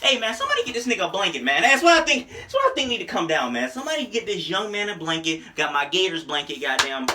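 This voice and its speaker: High, bright-voiced young man joking around. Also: fast talker, few pauses. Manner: animated, profane, joking, raps lyrics along. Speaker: music reviewer. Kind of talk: casual album review. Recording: echoey room.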